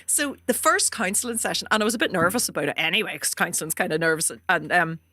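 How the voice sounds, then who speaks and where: A woman's voice: on the low side, fast talker, no echo, clean studio sound. A woman hosting a comedy podcast, telling stories in a casual way and laughing as she talks. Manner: animated, laughs through her stories. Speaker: podcast host, stand-up comedian.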